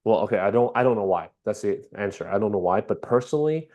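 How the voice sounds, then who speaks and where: A man's voice: on the low side, lively intonation, fast talker, a little mellow, dull audio. A man co-hosting a casual podcast, speaking hesitantly and repeating words as he feels his way through his answers. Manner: hesitant, repeats words, adds short backchannels. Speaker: podcast co-host.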